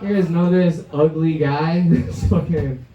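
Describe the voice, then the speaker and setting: A man's voice: fairly high pitch, fairly even intonation, unhurried, mellow, dull audio, some chatter behind. A young man performing a stand-up comedy set at an open mic, brash and crude, laughing at his own jokes. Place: comedy club stage. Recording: roomy live club sound from a distance.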